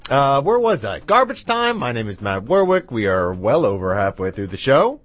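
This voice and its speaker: A man's voice: mid-range voice, big pitch swings, moderate pace, fairly bright tone, faint music behind. A man hosting a radio show, chatting casually and playfully between songs, rambling and talking to his dog in the studio. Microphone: studio mic with echo effect.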